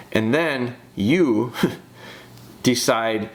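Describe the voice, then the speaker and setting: A man picks apart a dog training video slowly and expressively, pausing often, in a medium-pitched voice. The commentary is casual, aimed straight at the handler in a coaching style, with phrases repeated for emphasis.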